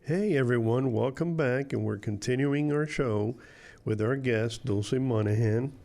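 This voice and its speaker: A man's voice: mid-range voice, measured pace, mellow, faint music behind. A man hosting a radio interview show, upbeat and encouraging toward his guest.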